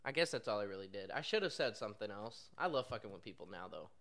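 A young man telling an animated, profane story as a podcast co-host. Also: lowish voice, fast talker, creaky. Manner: animated, swears, plays up quotes for laughs. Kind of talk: casual storytelling chat.

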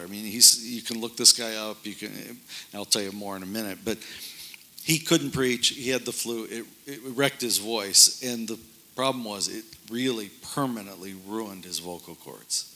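Lower-voiced man, bright earnest speaker. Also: normal speed. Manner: earnest storytelling with frequent fillers and restarts. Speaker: Christian speaker on miracles. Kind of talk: casual spoken discussion.

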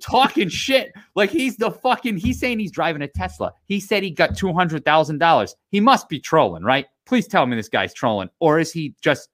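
Animated, profane man ranting, pitch jumping. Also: moderate pace, few pauses. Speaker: podcast co-host. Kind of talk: casual chat.

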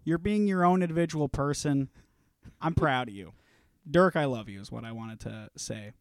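Male comedy podcast co-host, playful and mock-offended, average pitch, dry recording. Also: moderate pace, no echo. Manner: joking, laughs often, mock-indignant. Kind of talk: casual comedic chat.

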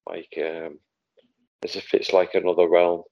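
A man's voice: sits low, flat delivery, measured pace, creaky. A man in casual chat, hesitant and agreeable, searching for words. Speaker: podcast guest. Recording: dull lo-fi audio.

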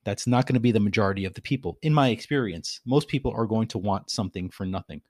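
A man's voice: fairly low pitch, fast, darkish tone, no echo, clean studio sound. A man hosting a reflective business talk, speaking earnestly and repeating phrases for emphasis. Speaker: podcast host.

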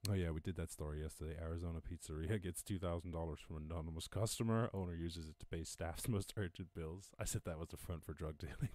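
A man's voice: low-pitched, fairly even intonation, fast, few pauses, darkish tone, no echo. A man with an Irish accent hosting a casual live-stream, reading news and riffing on it, swearing freely and laughing at his own jokes. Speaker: podcast host. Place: home during lockdown.

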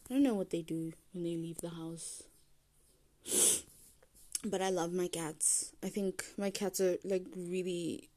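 Speaking in a fairly low, warm voice, this young solo podcaster rambles along easily. She tends to lose the thread, begin again, and correct herself, often with self-deprecating humor.

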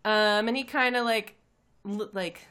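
A woman narrating as game master for a tabletop game, with a bright, forward voice. She talks hesitantly and fills her sentences with "like" and "um". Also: mid-range voice, fairly even intonation, unhurried, smooth. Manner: hesitant, many fillers.

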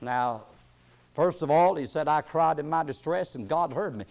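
A man preaching a sermon, reading scripture in a slow cadence and rising to loud emphatic peaks before dropping low and soft. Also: creaky, muffled recording.

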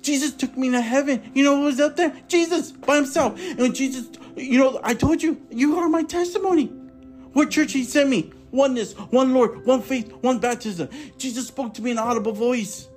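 A man hosting his own podcast, giving a fervent, repetitive testimony that swings between emphatic bursts and quiet asides. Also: extremely high pitch, moderate pace, faint music behind. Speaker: podcast host. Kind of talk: impassioned testimony preaching.

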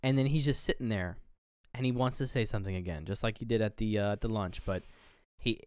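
A man co-hosting a podcast, casually recapping a movie scene by scene with lots of fillers and quick character voices. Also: lowish voice, darkish tone, smooth, dry recording, studio quality. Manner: retells scenes, briefly voicing characters; loose, filler-heavy storytelling. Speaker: podcast co-host.

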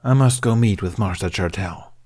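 A man's voice: low-pitched, normal speed, a little mellow, slightly rough. A man voicing a stern middle-aged male master who speaks in clipped, commanding orders.

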